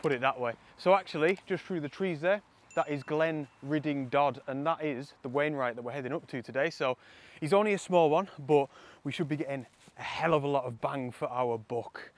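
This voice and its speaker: A man's voice: on the high side, moderate pace. A young man, vlogging casually and enthusiastically outdoors by a lake, laughing often. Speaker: landscape photography vlogger. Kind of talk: casual vlog to camera.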